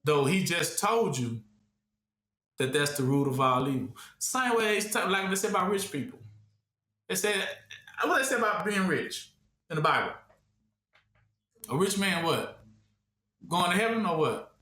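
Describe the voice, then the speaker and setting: Sharp and high, the man's voice moves at a moderate pace with lively intonation and long pauses. He leads a call-and-response Bible lesson, preaching in a repetitive, conversational way and tossing out rhetorical questions for listeners to finish. The recording has a roomy echo.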